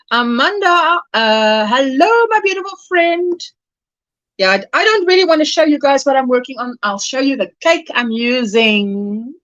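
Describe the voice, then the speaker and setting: A woman's voice: a little high, a bit bright, dry recording, dull audio. A woman from South Africa hosting a casual crochet livestream, chatty and affectionate, laughing often and calling viewers sweetheart. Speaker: livestream host.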